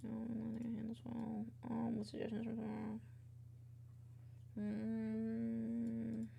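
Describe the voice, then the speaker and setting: Gravelly-voiced woman streamer, rambling chat. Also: fairly high pitch, completely flat delivery, very slow, dark tone, a little hiss or hum. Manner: rambling and distracted, reading chat aloud between tasks. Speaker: VTuber streamer. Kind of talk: casual low-key stream chat.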